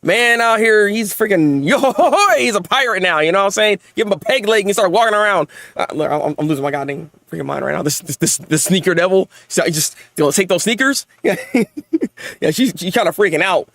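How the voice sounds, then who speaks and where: A young man hosting a live manga reaction and review, excitable, often stammering through repeated words and laughing. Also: sits high, fast talker, gravelly, dry recording, clean studio sound.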